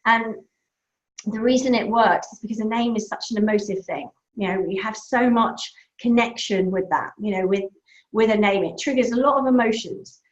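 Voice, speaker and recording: A woman's voice: on the high side, normal speed. A woman, a breakup coach, giving upbeat advice in a live question-and-answer talk, telling stories with acted-out voices. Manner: animated, storytelling with acted-out voices. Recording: echoey room, dull lo-fi sound.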